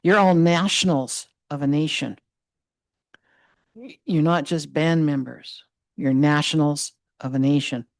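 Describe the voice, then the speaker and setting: A middle-aged woman giving an impassioned address to a community meeting, earnest and halting, rising to loud passion. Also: deep voice, dry recording. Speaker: guest speaker.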